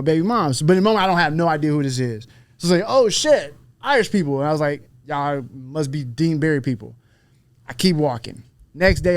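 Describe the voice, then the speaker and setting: Animated, profane man telling a story. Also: on the high side, clean tone, no echo. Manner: profane, animated, acts out the voices he quotes. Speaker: podcast guest, fighter. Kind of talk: casual storytelling.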